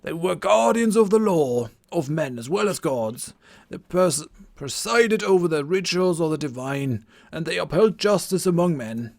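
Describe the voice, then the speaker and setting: A man's voice: lively intonation, gravelly. Man doing a reedy old druid hermit. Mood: eccentric. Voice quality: strained, reedy high old voice. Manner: slow, rambling, condescending.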